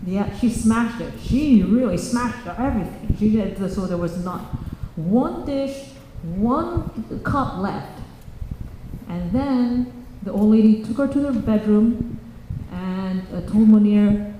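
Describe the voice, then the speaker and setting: A woman tells a children's story in a church, halting and restarting often as she goes. Her voice is mellow and dark. A long, booming echo fills the hall, with a faint noise underneath. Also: lively intonation. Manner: halting, with many fillers and restarts.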